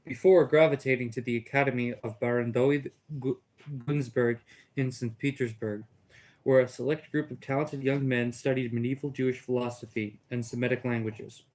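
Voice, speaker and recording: A man with a Texas accent, a student reading a text aloud in class, steady with small stumbles. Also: medium pitch, moderate pace, poor audio.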